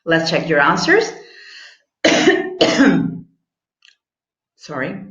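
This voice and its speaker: A woman teaching an English grammar lesson, slow and encouraging, who repeats example sentences, with slightly non-native phrasing. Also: deep voice, wildly swooping pitch, fairly bright tone. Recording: echoey room, dull lo-fi sound.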